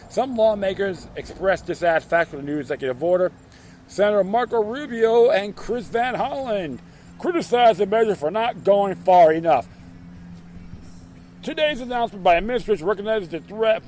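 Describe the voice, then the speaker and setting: A man's voice: a little high, a little mellow, a little hiss or hum. Sarcastic man reading the news. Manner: sarcastic, mocking, stumbles over words. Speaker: political commentator reading news. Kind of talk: news read-aloud with sarcastic commentary.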